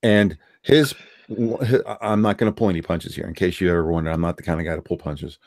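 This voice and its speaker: A man's voice: sits low, fairly even intonation, a little fast, a little mellow, dry recording, studio quality. A man hosting a live stream, giving blunt, rambling opinions in casual chat. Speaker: streamer hosting a call-in discussion.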